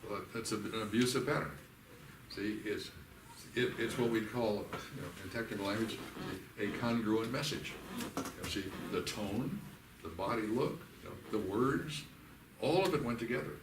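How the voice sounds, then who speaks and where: An older man with a lowish voice leads a workshop in a church hall. He talks in a folksy, animated way and slips into the voices of people in his stories. He is recorded from a distance, in an echoey room with faint ambience. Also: normal speed, slight background noise. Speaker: workshop leader. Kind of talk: workshop teaching.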